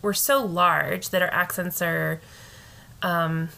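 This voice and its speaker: A woman's voice: fairly low pitch, steady tone, slow, vocal fry, bright, forceful tone. An American woman co-hosting a casual true-crime podcast, rambling and hedging, with some swearing. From United States. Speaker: podcast co-host.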